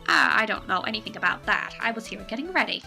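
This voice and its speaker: A woman's voice: mid-range voice, expressive, quick pace, creaky, pushed and bright, soft background music, exaggerated voice. A woman voicing a haughty, nosy old female guard in a game, talking in a pompous, scolding way.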